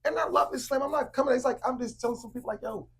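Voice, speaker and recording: A man in casual chat as a podcast co-host, animated and rambling, full of slang and restarts. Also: extremely high pitch, racing, slightly rough.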